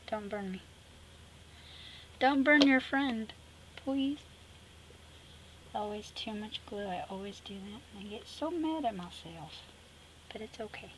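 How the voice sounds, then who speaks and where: A woman talks her way through a collage in a chatty, casual vlog voice. She mutters to herself as she works and often sinks into a soft murmur. Her pitch sits in the middle, with a faint hiss behind her. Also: low-quality recording. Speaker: craft vlogger. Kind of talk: casual talk while crafting.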